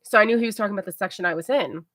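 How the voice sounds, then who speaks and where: A tired young woman rambles through a story on her livestream, mellow and chatty, with lots of fillers. Her voice sits at an ordinary middle pitch and sounds dry and close, with little room sound. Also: rapid-fire, no echo. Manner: rambling, filler-heavy, self-talking. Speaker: livestream host. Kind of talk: casual storytelling chat.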